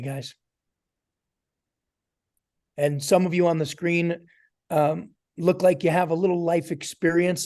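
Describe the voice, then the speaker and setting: A man in his forties gives a motivational talk to his team over a video call. His voice sits high for a man. He speaks in a lively storytelling manner and turns often to address his listeners by name. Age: 40s. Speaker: network marketing trainer.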